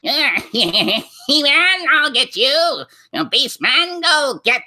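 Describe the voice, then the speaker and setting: Cartoon skeleton villain, shrill, very slow drawl, piercing. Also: male voice, very animated, pushed and bright, exaggerated voice. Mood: gleeful scheming. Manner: high whiny drawn-out cackling delivery.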